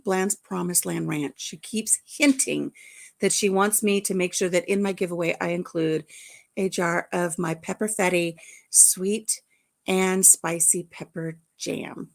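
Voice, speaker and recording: A woman's voice: fairly low pitch, steady tone, a little slow, creaky. A woman hosting a casual livestream, chatting in a rambling way and greeting viewers by name. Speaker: vlog host.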